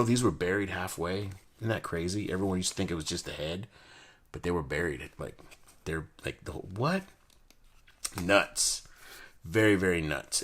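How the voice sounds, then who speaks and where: A young man from the United States chatting casually and excitedly while opening and reviewing card decks, full of slang and jokes. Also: sits low. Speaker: card collector host. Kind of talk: casual unboxing chat.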